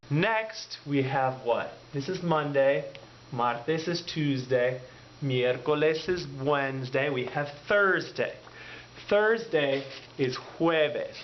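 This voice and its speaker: A man teaching a language lesson through call and repeat, drawing words out and swinging his pitch up and down on each drilled word. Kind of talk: slow, drawn-out classroom teaching with call and repeat. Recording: dull lo-fi sound with faint noise.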